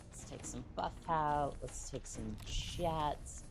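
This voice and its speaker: A woman streamer chatting to her viewers in a jokey, relaxed way as she plays through a game. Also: deep voice, slow, slight background noise. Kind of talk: casual gameplay commentary.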